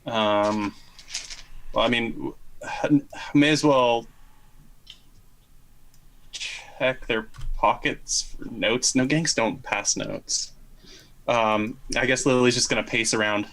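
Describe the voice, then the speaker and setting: A man's voice: mid-range voice, fairly even intonation, takes it slowly, pauses often, a bit bright, poor audio. A man playing a tabletop game, casually thinking aloud. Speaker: player.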